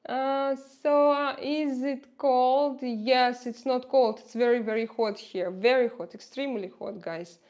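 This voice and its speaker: A woman's voice: sits high, steady tone, unhurried, few pauses, darkish tone. A woman with a Russian accent hosting a casual livestream, chatting, reading viewer comments aloud and answering them, often laughing. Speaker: livestream host.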